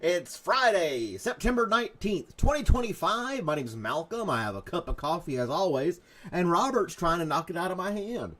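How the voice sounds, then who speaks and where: A man's voice: high-pitched, big pitch swings, moderate pace, sharp tone, a little hiss or hum. A man hosting a live morning chat show, rambling and self-mocking, with jokey asides to his dog and to viewers.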